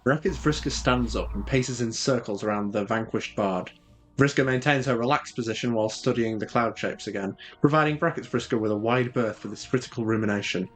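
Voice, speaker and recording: A man's voice: mid-range voice, a little fast. A young man reading story narration aloud and chatting easily on a podcast. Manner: easygoing, accommodating. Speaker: podcast co-reader. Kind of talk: read-aloud narration and casual chat.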